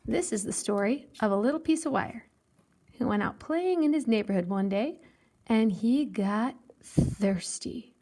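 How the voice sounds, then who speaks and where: Woman teacher, fairly high voice, patient, slow step-by-step craft lesson, counts aloud. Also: animated, warm tone, a little hiss or hum. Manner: patient, slow counting aloud, tells a simple story for children. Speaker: art teacher.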